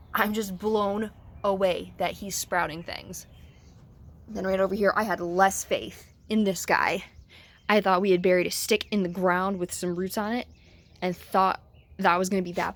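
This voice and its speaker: Woman vlogger, excitable and gushing, casual profanity, outdoors on a porch, handheld camera. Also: mid-range voice, measured pace. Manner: enthusiastic, gushing, swears casually. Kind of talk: casual garden tour vlog.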